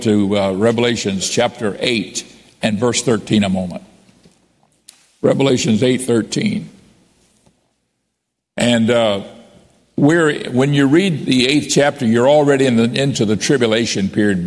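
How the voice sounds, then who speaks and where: A man's voice: medium pitch, darkish tone, in a large hall. A man preaching a sermon as a bishop, quoting scripture and raising his voice emphatically for key points.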